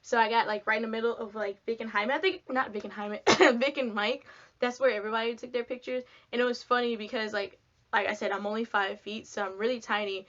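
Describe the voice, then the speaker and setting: A young woman tells a casual storytime for her vlog, chatty and animated, filling her sentences with "like" and acting out the voices of the people involved. Her voice sits a little high. The recording sounds dull and lo-fi. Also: fast talker. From Texas. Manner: chatty, animated, lots of "like", acts out quotes. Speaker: vlogger.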